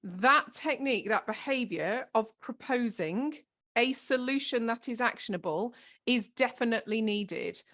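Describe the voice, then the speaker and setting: A woman's voice: on the high side, expressive, measured pace, a bit bright. Woman facilitating an online workshop. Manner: encouraging, instructive. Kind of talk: online training session.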